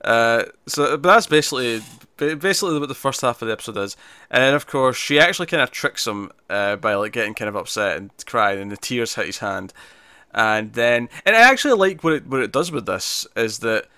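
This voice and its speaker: Bright-voiced, animated man chatting. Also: mid-range voice, smooth, dry recording. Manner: animated, rambling, drops into quick impressions. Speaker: podcast co-host. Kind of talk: casual chat reviewing a TV episode.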